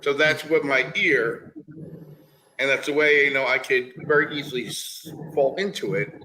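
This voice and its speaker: Bright-voiced New man ranting. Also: mid-range voice, low-quality recording. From New York, the Bronx. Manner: ranting, halting with restarts. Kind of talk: casual chat.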